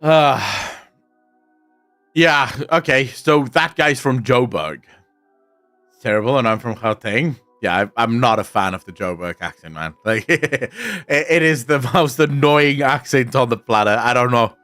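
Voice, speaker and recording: A man's voice: mid-range voice, unhurried, fairly bright tone, soft background music. A South African man chatting casually on a live stream, rambling and swearing freely while he answers his chat. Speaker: game streamer.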